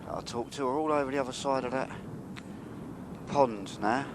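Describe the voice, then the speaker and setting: A man's voice: medium pitch, normal speed. A man vlogging on a walk by a railway yard, chatty and wry, sometimes dropping to a mutter. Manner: chatty, wry, drops to a mutter when sneaking. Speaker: vlogger walking and filming. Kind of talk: casual walking commentary. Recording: noisy outdoor recording.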